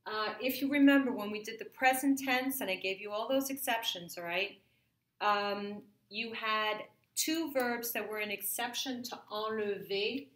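Slow, bright-voiced woman teacher. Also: medium pitch. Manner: patient, checks in with "okay?" often. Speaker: French teacher. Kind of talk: classroom grammar lesson. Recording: echoey room.

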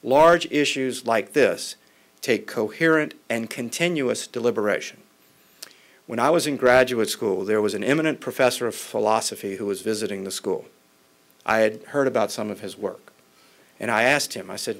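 A man who is a member of Congress, giving a formal policy speech in a measured way with occasional restarts. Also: fairly low pitch.

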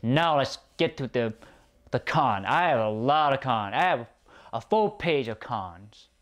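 A man's voice: mid-range voice, lively intonation, a little slow. A man giving a casual, ranting film review, exasperated and profane, often repeating himself. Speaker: movie reviewer.

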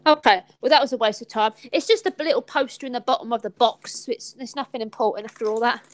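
A woman hosting a casual live stream from home, chatty and giggly and quick to poke fun at herself. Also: fairly high pitch, a little hiss or hum. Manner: chatty, giggly, self-mocking. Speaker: host.

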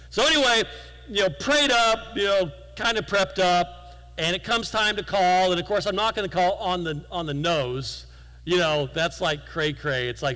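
A man giving a guest sermon in a church, telling stories in a relaxed, conversational way with self-deprecating humor. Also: high-pitched, normal speed, big-room sound, low-quality recording. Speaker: guest preacher. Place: church sanctuary.

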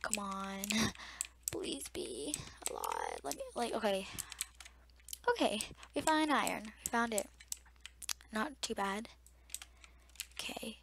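A young woman giving casual gameplay commentary to viewers, chatty and easily startled, recorded at a desktop mic beside a loud keyboard. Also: mid-range voice, animated, slow, pauses often, slight background noise. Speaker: gamer. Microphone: desktop mic near loud keyboard.

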